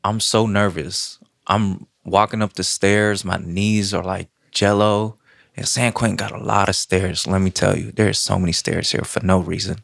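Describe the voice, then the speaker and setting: A man in his twenties telling a personal story conversationally, in an animated, slangy, self-mocking way, recorded inside a prison. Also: deep voice, normal speed, gravelly, no echo, studio quality. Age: 20s. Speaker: storyteller guest.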